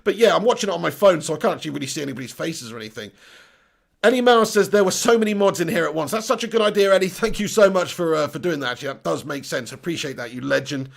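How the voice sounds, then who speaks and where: A man in his thirties hosts a live football watch-along, his fairly high voice leaping around as he bounces between chat messages and outrage at the substitutions. There is a gravelly edge to it, with cheeky, sweary banter aimed straight at his viewers. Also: expressive, fast. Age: 30s. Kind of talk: live-streamed match reaction.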